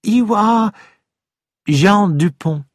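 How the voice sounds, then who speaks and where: A man reading the lines of a friendly, wistful young woman in a storybook, his voice lifted higher. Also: animated, very slow, dry recording, clean studio sound, full character voice.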